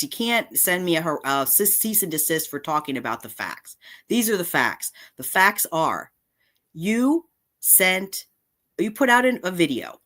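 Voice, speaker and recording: A woman's voice: on the low side, bright, forceful tone. A woman vlogger delivering an angry, confrontational rant straight to camera, indignant and repeating her points. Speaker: cat channel vlogger.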